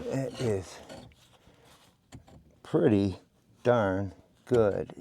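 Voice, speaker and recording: A man's voice: on the low side, extremely slow, creaky, dark tone. A man narrating a do-it-yourself video from a cramped crawl space, chatty and joking with viewers while breathing heavily from the work. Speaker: DIY vlogger. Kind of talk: casual how-to vlog narration.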